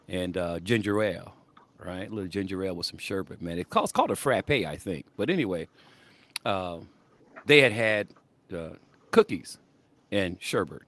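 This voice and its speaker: An older man co-hosting a casual faith podcast, an animated storyteller who laughs often and acts out what people said. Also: sits low. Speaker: podcast co-host.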